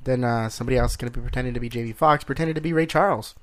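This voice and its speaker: A man's voice: medium pitch, very fast, a bit bright. Laid-back man with dry quips. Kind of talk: casual chat.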